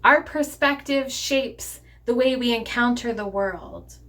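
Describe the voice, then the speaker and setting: A woman pastor delivering a sermon in a measured, deliberate preaching cadence. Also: fairly high pitch, a bit bright.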